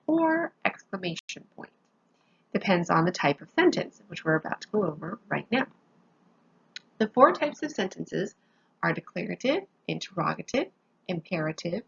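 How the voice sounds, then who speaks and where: A sleepy woman teacher walks through a grammar lesson one step at a time. Her low voice is gravelly and a little husky. The recording sounds dull and lo-fi. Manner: patient, explains step by step with examples. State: sleepy, yawning.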